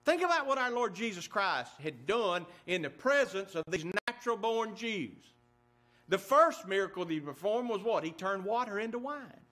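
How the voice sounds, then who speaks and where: A man's voice: high voice, big pitch swings, normal speed, sharp tone. A man preaching a sermon as pastor, asking rhetorical questions, building emphasis and reading scripture aloud in old-fashioned wording. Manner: reads scripture aloud in King James wording.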